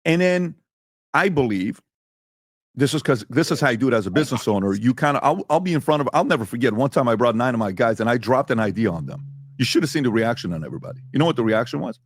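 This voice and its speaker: A man in a debate-show discussion, arguing his point with animated storytelling. His pitch swings widely while it sits in a middle register, and he drops into quick imitations of other people. The recording is dry and close. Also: no echo. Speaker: podcast host.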